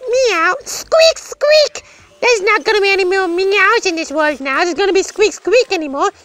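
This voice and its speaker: A gaming host giving playful, rambling let's-play commentary that breaks into sudden excited shouts. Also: very high-pitched, fairly quick, no room sound.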